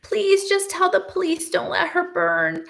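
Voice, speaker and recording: A woman's voice: very high voice, little pitch movement, measured pace, vocal fry, fairly bright tone, pitched above the performer's own voice, heavily acted. A woman voicing an injured grandfather pinned under a cabinet, pleading urgently.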